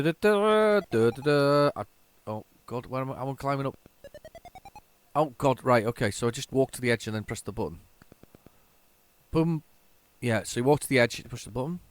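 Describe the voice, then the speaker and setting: A man giving casual, excitable, self-mocking commentary while playing an old computer game. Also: mid-range voice, brisk, no echo. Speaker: retro game tape reviewer.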